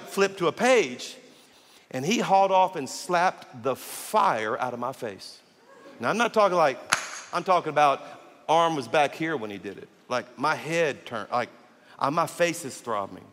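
A pastor preaching in a big church, his slightly high voice ringing out with a long hall echo behind it. He tells his stories with animated energy and acts out each side of a conversation. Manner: animated storyteller who acts out dialogue. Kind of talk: sermon. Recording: long reverb of a large hall.

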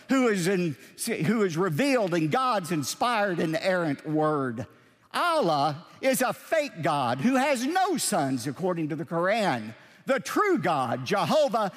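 A man preaching a sermon as pastor, emphatic, moving between slow measured points and shouted declarations. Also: sits high, in a large hall.

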